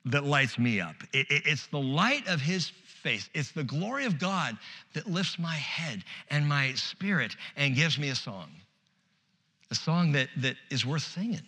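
A man preaching an expository sermon as pastor, animated and conversational, with humorous asides. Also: on the high side, long reverb tail.

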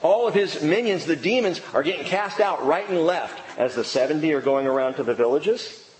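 A man preaching an expository sermon, emphatic and animated, swinging between excited and low earnest tones. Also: fairly quick, slight background noise. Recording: long reverb of a large hall.

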